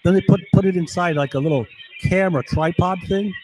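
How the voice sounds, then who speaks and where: A man's voice: high voice, a little fast, darkish tone, breathy edge, poor audio. A man delivering an agitated, rambling monologue to his camera, constantly asking "right?". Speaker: vlogger.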